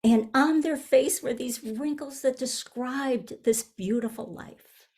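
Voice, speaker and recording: A woman in her seventies, a minister giving a gentle, reflective sermon, often pausing and restarting her phrases. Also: high-pitched, husky. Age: 70s. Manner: gentle, searching, with frequent restarts. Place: online service.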